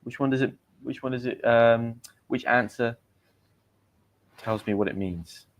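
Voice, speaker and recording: Here an English teacher with a British accent is hosting a live vocabulary lesson, his medium-pitched voice moving a little slowly. He's conversational, quizzing viewers and voicing their comments. The recording is somewhat dull.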